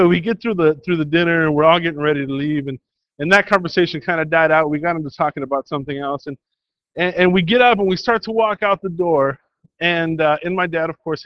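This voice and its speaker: A man preaching an informal sermon in a church, telling a story in a rambling, halting way full of restarts. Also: high voice, dry recording, highs cut off.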